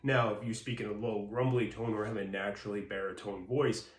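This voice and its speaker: A man's voice: on the low side, steady tone, fairly quick. A man explaining dog training step by step in a plain instructional way. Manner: plain explanatory, acts out baby-talk praise in bursts. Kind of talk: instructional talk. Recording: roomy echo.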